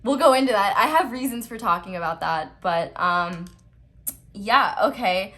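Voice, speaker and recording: A woman's voice: medium pitch, expressive, normal speed, sharp tone. A young woman giving a casual tarot card reading at home, chatty and giggly, with rambling asides. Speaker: tarot reader.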